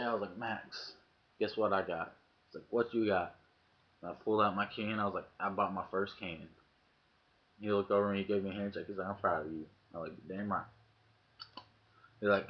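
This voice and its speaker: Low-voiced man, lo-fi webcam story. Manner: profane, acts out quoted lines in the story. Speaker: vlogger. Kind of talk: casual storytelling. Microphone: webcam mic. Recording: dull lo-fi webcam audio.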